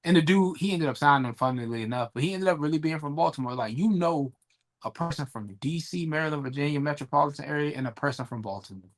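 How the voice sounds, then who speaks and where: A man's voice: fairly high pitch, fast talker. A man with a Washington DC area accent chatting on a podcast, blunt and profane, often mimicking people in his stories. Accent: DMV (Washington DC area). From DC metro area. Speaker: podcast co-host. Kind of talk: casual chat.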